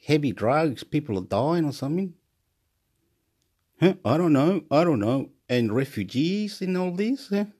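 A man delivering a rambling solo monologue, jumping between puzzled questions and bursts of high scat singing. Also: big pitch swings, measured pace, warm tone, breathy edge.

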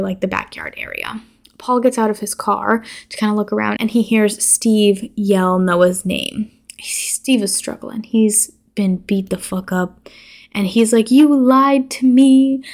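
A woman hosts her own podcast and retells a horror film's ending in a loose, chatty way. Her voice has a gravelly fry at mid pitch, and she swears freely and acts out the characters' lines in quick bursts. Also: darkish tone. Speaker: podcast host. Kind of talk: casual movie recap.

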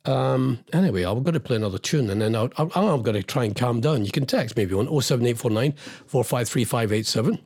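A man's voice: medium pitch, lively intonation, fast talker, darkish tone. A middle-aged man hosts a radio show, and he rants and rambles in exasperation with wry asides. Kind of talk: ranting radio chat.

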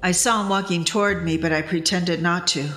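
Woman storyteller, dry wry delivery, bright clear voice, faint music behind. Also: fairly low pitch, fairly even intonation, brisk, echoey room. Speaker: narrator. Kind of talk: scripted story narration.

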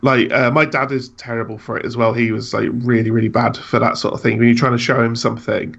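A man rants in a casual podcast chat, his voice gravelly with a husky, rough edge. He scatters filler words as he complains. The recording sounds dull and lo-fi. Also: medium pitch, flat delivery, fast, a bit bright. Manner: ranting, many fillers like "like". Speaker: podcast co-host.

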